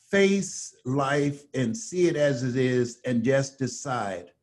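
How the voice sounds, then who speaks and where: An older man from the United States speaks as a motivational guest. He talks slowly and emphatically, leaning on words like a preacher, in a voice of ordinary middle pitch. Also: a little mellow. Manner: slow, emphatic preacher-like delivery. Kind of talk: storytelling motivational talk.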